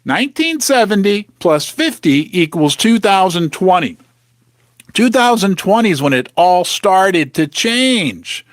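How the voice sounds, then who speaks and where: Emphatic high-voiced man. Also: big pitch swings, a little slow, no room sound, studio quality. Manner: emphatic, rhetorical questions, jokey asides. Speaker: host of a precious metals channel. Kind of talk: animated casual monologue to camera.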